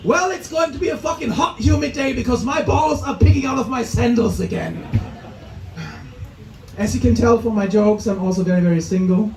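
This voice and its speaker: A man's voice: very high-pitched, normal speed, darkish tone, reverberant, far from the mic, soft background music, poor audio. A male stand-up comedian in a comedy club, delivering crude, self-mocking punchlines. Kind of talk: stand-up set.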